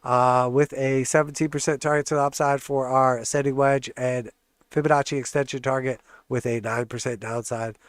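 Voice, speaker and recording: A man with a blocked, stuffed-up nose hosts a live chart-analysis stream, chatting casually and throwing in jokes. His voice stays smooth despite the congestion, recorded close with no room sound. He sits at a middle pitch. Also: level tone, moderate pace, no room sound. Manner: casual, joking, hype-man cheering on charts. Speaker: trading channel host.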